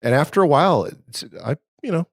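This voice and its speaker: A man's voice: fairly high pitch, expressive, brisk, no echo, studio quality. A man hosting a casual podcast, telling rambling stories and laughing as he goes, talking over a remote call. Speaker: podcast host. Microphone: remote call setup.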